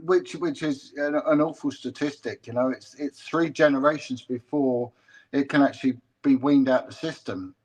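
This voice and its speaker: Hesitant male guest, ex-cop, mid-pitch, many restarts, casual interview talk. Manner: halting, with many restarts and repeated words. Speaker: former policeman, guest.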